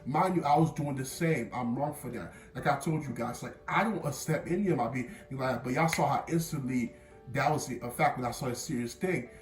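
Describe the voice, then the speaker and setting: A man's voice: mid-range voice, brisk. Young man, casual storytelling, rambling, repeats himself, roomy room. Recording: roomy room with faint music.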